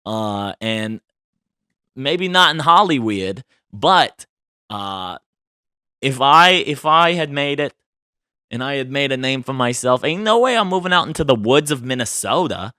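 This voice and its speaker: A male podcast host with a bright, forceful voice, gossiping casually and expressively. He is close to the mic in a dry, dead room and keeps tossing in little tag questions. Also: medium pitch, animated, measured pace, clear, resonant tone, dry recording. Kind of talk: casual celebrity gossip chat.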